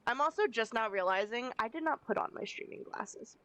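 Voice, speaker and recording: Chatty woman streamer, slightly high voice. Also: animated, brisk, a bit bright, no echo, low-quality recording. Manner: chatty, playful, self-deprecating asides. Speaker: game streamer. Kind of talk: casual live-stream commentary.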